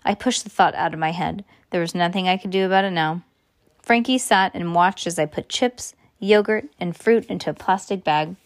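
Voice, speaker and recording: A woman reading a first-person children's story aloud in a steady, earnest way. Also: medium pitch, no echo, studio quality. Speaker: audiobook narrator.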